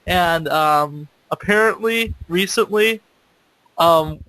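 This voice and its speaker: A man's voice: on the high side, slow pace, sharp tone, no room sound, poor audio. A young man co-hosting a podcast in casual chat, crude, swearing a lot and laughing often. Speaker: podcast co-host.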